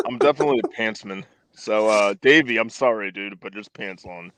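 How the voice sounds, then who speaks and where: Laid-back man with a lowish voice. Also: brisk, fairly bright tone, slight background noise, rough recording. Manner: laid-back, laughs often. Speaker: podcast co-host. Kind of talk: casual sports podcast chat.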